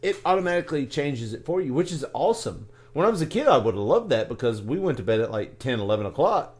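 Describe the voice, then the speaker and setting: Lively, joking podcast guy. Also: mid-range voice. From United States. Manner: jokey, laughs often, quick asides. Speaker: podcast co-host. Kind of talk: casual chat.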